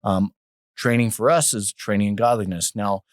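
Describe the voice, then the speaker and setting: Low-voiced host in a measured, teaching tone. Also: male voice, dry recording, clean studio sound. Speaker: podcast host. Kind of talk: podcast conversation with scripture references.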